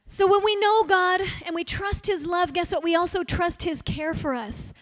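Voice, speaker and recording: Woman pastor preaching at church, very high voice, earnest, acts out prayers. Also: normal speed. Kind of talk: sermon. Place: church service.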